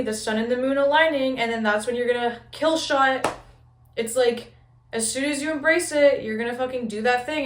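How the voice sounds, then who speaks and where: A young woman giving a casual pick-a-card tarot reading, talking fast and loose with lots of "like" and casual swearing. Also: a little high. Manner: chatty, frequent "like", swears casually. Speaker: tarot reader. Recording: echoey room.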